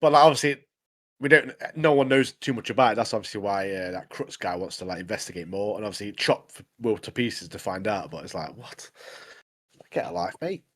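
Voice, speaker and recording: A man's voice: on the low side, brisk. A man co-hosting a podcast, recapping in rambling casual chat full of fillers. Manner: rambling recap, many fillers like obviously and mate. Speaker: podcast co-host.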